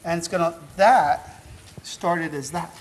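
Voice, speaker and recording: A man's voice: fairly high pitch, slow, poor audio. A man hosting a cooking show, giving upbeat, chatty step-by-step instructions with an encouraging, teasing manner. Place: show kitchen at the stove.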